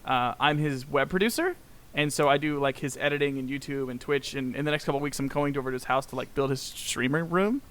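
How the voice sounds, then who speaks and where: A man guest on a casual podcast chat, telling stories in an animated way and laughing often as he acts out conversations. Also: medium pitch, fast.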